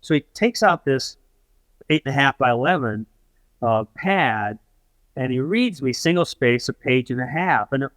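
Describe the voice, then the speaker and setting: A man's voice: mid-range voice, lively intonation, a bit bright, no room sound. Guy on a podcast telling a story, stops and restarts a lot, plays out the dialogue, dry close sound. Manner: anecdotal, acts out quoted dialogue with halting restarts. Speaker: podcast guest. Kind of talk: conversational storytelling.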